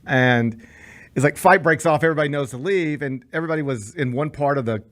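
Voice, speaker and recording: Male radio host, casual storyteller, animated with quoted voices. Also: fairly high pitch, fast talker. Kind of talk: casual sports radio chat.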